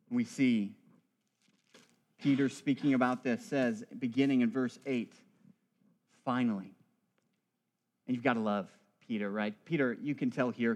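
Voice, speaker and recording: A man's voice: mid-range voice, darkish tone. A male priest delivering a church sermon with rhythmic, building emphasis and wry asides.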